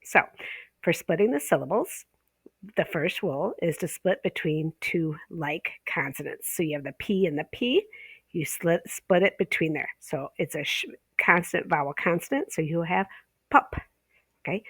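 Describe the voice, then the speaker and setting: A woman teaching a pronunciation course, explaining step by step, tagging "okay?" onto her points and drawing out example words slowly. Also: on the low side, lively intonation, husky, no echo. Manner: explanatory, checks in with frequent "okay?"; slows and stretches example words. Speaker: ESL teacher trainer. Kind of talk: online course lesson.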